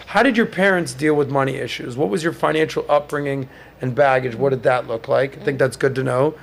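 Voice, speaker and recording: A man in his thirties hosting a casual podcast chat, telling stories in an animated way and mimicking others in high mocking voices. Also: a little fast, creaky. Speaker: podcast host.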